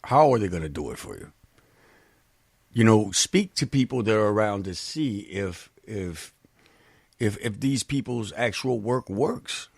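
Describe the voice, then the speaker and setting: A man's voice: lowish voice, measured pace, vocal fry, slightly rough, no echo, clean studio sound. A man co-hosting a casual radio chat, telling stories bluntly and with swearing. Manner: blunt, animated storytelling with profanity. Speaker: co-host.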